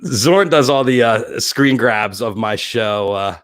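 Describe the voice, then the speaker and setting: A man's voice: mid-range voice, slow pace, no echo. A middle-aged man hosting his own livestream show, talking in a rambling, heartfelt and openly emotional way. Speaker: host.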